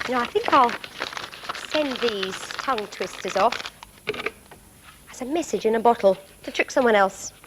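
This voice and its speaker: Woman, children's TV presenter, high lively voice, sing-song, coaxing, faint hiss. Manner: bright, sing-song, coaxing young viewers.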